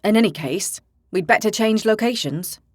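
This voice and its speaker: A man's voice: sits high, moderate pace, dry recording. Woman voicing an earnest loyal young ranger. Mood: cautious.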